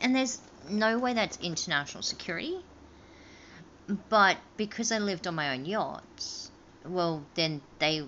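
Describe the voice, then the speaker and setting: A woman's voice: sits low, pushed and bright, highs cut off, slight background noise. A woman talking in a rambling monologue, filling her sentences with ums and likes and acting out both sides of past conversations. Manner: rambling, meandering with many fillers. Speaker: vlogger.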